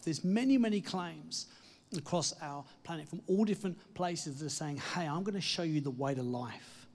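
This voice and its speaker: A man delivers an earnest sermon, encouraging his listeners and leaning hard on key phrases before easing into quieter moments. His voice has a slightly husky edge. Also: a little high. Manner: earnest, encouraging, emphatic with soft dips and laughs. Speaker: preacher.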